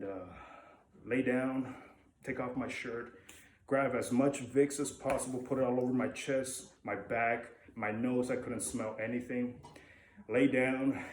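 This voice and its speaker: A man's voice: medium pitch, darkish tone. Young man from Mexico, frank vlog storyteller with lots of restarts, recorded in a reverberant room. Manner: candid, swears freely, rambling with restarts. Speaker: vlogger. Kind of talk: casual storytelling to camera. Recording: echoey room with faint ambience.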